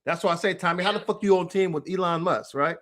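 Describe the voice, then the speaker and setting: A man's voice: high voice, fast talker, fairly bright tone. An American man hosting a political livestream, delivering a heated, profane rant and calling out an absent rival by name. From United States. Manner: addresses an absent rival directly. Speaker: political commentary host.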